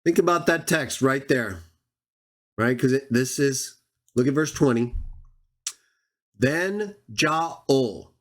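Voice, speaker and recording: A man delivering argumentative scripture commentary at a slow, deliberate pace. He speaks straight at his opponents with a sarcastic, combative edge. He draws out the verses he reads aloud for emphasis. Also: mid-range voice, expressive. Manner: drawn-out emphatic reading of verses. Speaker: Bible teacher and channel host.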